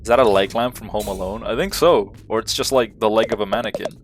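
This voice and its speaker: A man's voice: lowish voice, fast, few pauses, a little hiss or hum. A man live-streaming a video game, chatting and reading game dialogue aloud in playful voices. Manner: reads game lines in playful character voices. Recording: game music behind.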